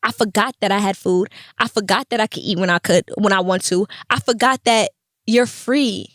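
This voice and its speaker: A young woman hosting a podcast, telling her story in a casual, animated and profane way, often acting out the voices of others. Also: mid-range voice, normal speed, no room sound, studio quality. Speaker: podcast host.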